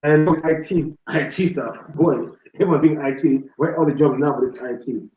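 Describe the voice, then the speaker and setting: Man in his 40s, show host, animated storyteller, slightly high voice, echoey lo-fi audio. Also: brisk. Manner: lively storyteller who acts out quotes. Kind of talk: casual chat. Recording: roomy, dull lo-fi sound.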